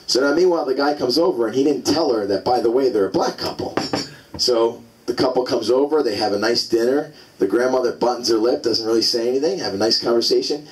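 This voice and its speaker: Forty-something male stand-up, mid-pitched, chatty and rambling; a slightly distant club mic. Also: brisk. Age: 40s. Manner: loose, rambling storytelling with many fillers. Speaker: stand-up comedian. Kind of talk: stand-up comedy set. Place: comedy club stage.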